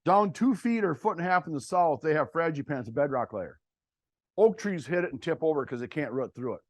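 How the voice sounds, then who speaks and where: Middle-aged man, workshop presenter, blunt folksy talk, raised pitch, dry close sound. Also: lively intonation, fast talker, no room sound. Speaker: cover crop seed dealer presenting to farmers.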